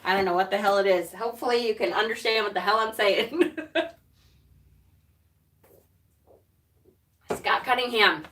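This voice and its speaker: A woman's voice: a little high, a bit bright. A woman with a Rochester accent hosting a casual livestream, chatty and rambling, laughing often and answering viewer comments. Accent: Rochester, New York. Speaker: witchcraft channel host.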